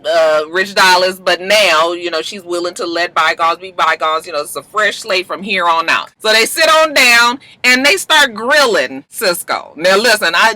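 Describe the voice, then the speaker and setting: A vlogger recapping a reality TV episode in a casual, animated way, full of cursing and sassy asides. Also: mid-range voice.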